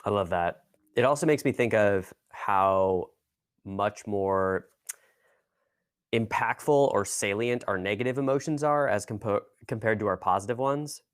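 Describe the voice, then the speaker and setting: A man's voice: lowish voice, a little slow, clean tone, dry recording, studio quality. A man hosting a podcast, musing in a thoughtful, casual way. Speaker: podcast host. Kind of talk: podcast conversation.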